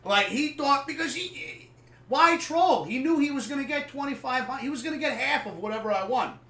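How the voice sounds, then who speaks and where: A man hosting a live sports podcast, telling a story casually and animatedly, swearing freely and acting out scenes loudly. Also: extremely high pitch, animated, moderate pace. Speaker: podcast host. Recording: echoey room, far from the mic.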